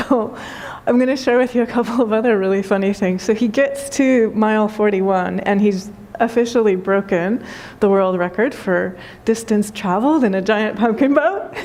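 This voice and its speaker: A woman's voice: medium pitch, normal speed, darkish tone. A woman giving a spiritual talk as teacher, telling a funny story and laughing often.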